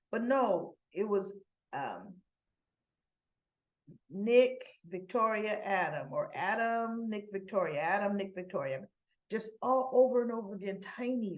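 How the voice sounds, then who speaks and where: A woman at an ordinary middle pitch recapping a soap opera in an unhurried, chatty way. She quotes the characters' lines and breaks in with her own asides. The recording is a bit dull and lo-fi. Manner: chatty, retells scenes by quoting characters, adds asides. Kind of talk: casual spoken recap.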